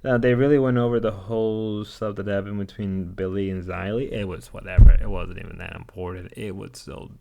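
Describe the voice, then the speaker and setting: A man's voice: on the low side, steady tone, brisk, gravelly, hardly any pauses, dark tone, a little hiss or hum. A man giving a dismissive recap commentary.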